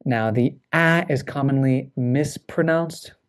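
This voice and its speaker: A man with an American accent leads a pronunciation review at an unhurried pace. He sounds out words with care and repeats the practice drills. His voice sits at a middle pitch. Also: smooth. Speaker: pronunciation teacher. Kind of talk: review lesson, modeling sounds.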